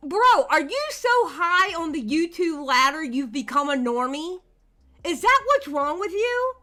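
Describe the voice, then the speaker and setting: A woman's voice: high-pitched, sing-song, measured pace, sharp tone. A woman hosting a commentary livestream, reacting to a video and ranting in exasperation at absent people. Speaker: commentary channel host.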